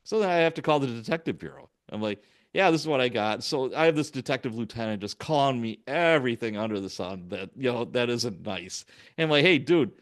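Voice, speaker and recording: Man telling animated police stories. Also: medium pitch, brisk. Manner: animated, acts out dialogue. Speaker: police officer. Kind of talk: casual storytelling.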